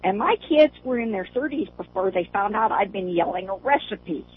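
A woman's voice: mid-range voice, lively intonation, normal speed, slight background noise. Older woman laughing on a tinny phone line. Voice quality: laughs often while talking. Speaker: caller. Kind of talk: casual phone chat.

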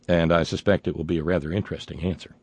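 A man hosting a political talk radio show, sardonic and folksy, reading listener messages and breaking into loud exclamations. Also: low-pitched, little pitch movement, racing, slightly rough, dry recording.

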